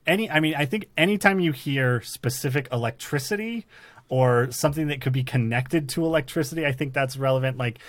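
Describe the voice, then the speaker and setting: A man's voice: medium pitch, fairly quick, no echo. A man chatting on a podcast, talking through details of a show he has watched, circling back and restarting sentences as he thinks. His voice sits mid-range for a man. The sound is dry and close, with no room around it. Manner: analytical, rambling with restarts. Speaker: podcast host. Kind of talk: casual chat.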